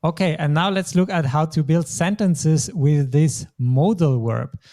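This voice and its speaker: A man's voice: fairly high pitch, unhurried, dark tone. A man teaching a German lesson, explaining grammar patiently step by step. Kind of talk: language lesson.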